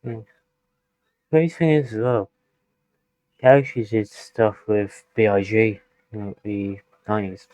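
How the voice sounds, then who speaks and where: Low-voiced British man reacting casually. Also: steady tone, measured pace, pauses often, a little mellow, dry recording, low-quality recording. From United Kingdom. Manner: loose and chatty, laughs easily, hedges with "like". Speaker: reaction video host.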